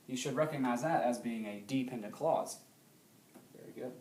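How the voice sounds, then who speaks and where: A male teacher giving a recorded grammar lesson in a classroom, explaining steadily and often checking understanding with a quick question. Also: mid-range voice, echoey room, very noisy.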